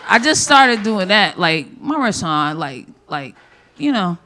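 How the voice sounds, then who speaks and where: A woman performing a live stand-up set on a comedy club stage, brash and profane, with sudden loud outbursts. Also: mid-range voice, sing-song, takes it slowly, a loud crowd.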